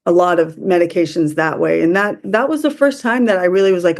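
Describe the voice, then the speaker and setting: Soft-spoken woman, halting and emotional. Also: on the low side. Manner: emotional, halting, restarts often. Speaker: interview guest. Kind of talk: conversational interview.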